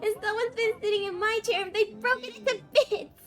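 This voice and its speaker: A woman squeaking as a whiny little bear cub. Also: steady tone, fairly quick, fairly bright tone. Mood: tearful.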